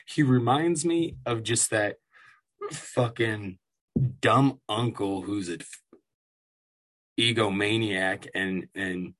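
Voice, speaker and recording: A man's voice: on the low side, takes it slowly, long pauses, a bit bright. A man delivering an angry, profane, sarcastic rant as commentary, with mocking asides. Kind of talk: ranting commentary.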